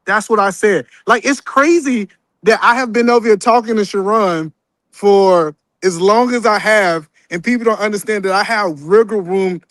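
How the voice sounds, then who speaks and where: A man co-hosting a morning talk show, loud and insistent in a heated debate, talking over the other speaker. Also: high voice, normal speed, no room sound.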